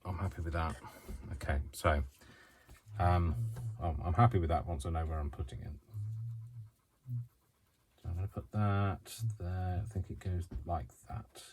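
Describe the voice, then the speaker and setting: Deep-voiced man chatting while crafting. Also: fairly even intonation, normal speed, long pauses, darkish tone, slight background noise. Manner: chatty, laughs to himself while working. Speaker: crafting vlogger. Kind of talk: casual crafting chat.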